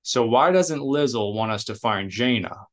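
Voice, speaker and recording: A man's voice: mid-range voice, expressive, normal speed, natural voice. A man reading aloud, voicing a wry, impatient male starship captain with a dry, bargaining way of talking.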